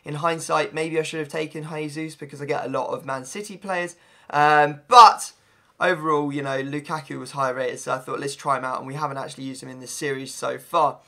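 A man commentating on his game in a chatty, rambling way. His voice is hoarse and slightly gravelly, and it sits a touch high with a bright, forward edge. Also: fairly even intonation, brisk. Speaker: gaming YouTuber. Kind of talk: gameplay commentary.

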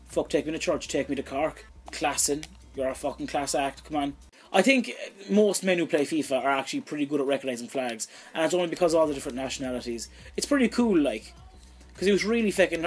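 A young Irish man commentating his own video game play, excitable and swearing freely, shouting at big moments. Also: on the high side, fast talker, slightly rough, faint music behind. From Ireland. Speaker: gaming YouTuber.

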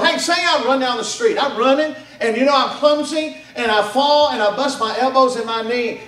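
High-voiced preacher in an echoey hall. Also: male voice. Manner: call-and-response, rhetorical questions, folksy. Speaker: mission director preaching. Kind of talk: gospel presentation to families. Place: church hall at a Christmas party. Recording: echoey room, far from mic.

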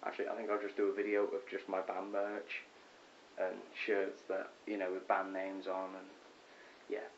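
A teenage boy vlogging from his bedroom, rambling excitedly with lots of ums and self-corrections. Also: deep voice, normal speed. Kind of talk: casual rambling vlog. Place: bedroom at home. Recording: dull lo-fi with faint hiss.

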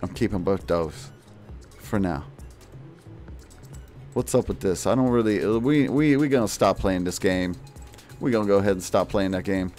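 A man's voice: lowish voice, normal speed, soft background music. A man doing parody streamer commentary over gameplay, boastful and mock-serious, full of jokey slang. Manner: jokey slang-filled patter. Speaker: gaming video creator.

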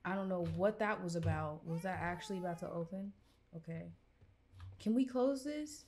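A young woman, reacting loudly and profanely while playing a horror game. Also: fairly low pitch, moderate pace, slight background noise. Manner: loud, profane, exasperated reactions. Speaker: gaming YouTuber.

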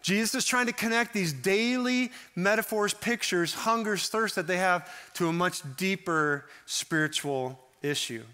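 A man preaching a sermon in a conversational, animated way, acting out the voices he quotes. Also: high voice, a little slow, few pauses, smooth. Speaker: pastor.

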